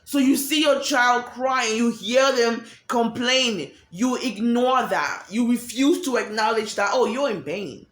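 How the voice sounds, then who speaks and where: A woman's voice: on the high side, measured pace, hardly any pauses, a bit bright. A woman giving a candid, profane monologue about emotions, acting out quoted voices as she talks. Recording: echoey room.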